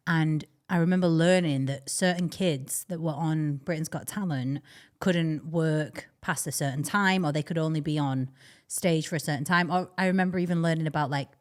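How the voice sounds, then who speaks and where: Woman, casual podcast chat, rambling, laughs often, slightly low pitch. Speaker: podcast host.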